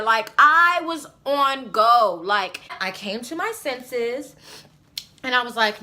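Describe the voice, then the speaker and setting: A young woman vlogger telling a personal story in an animated, expressive way, with lots of fillers. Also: on the high side, moderate pace. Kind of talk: storytime vlog.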